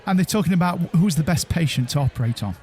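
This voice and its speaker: A man co-hosting a podcast in casual chat, telling jokes with halting restarts. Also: on the high side, expressive, warm tone. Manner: halting, stammering restarts, chuckling joke teller. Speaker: podcast co-host.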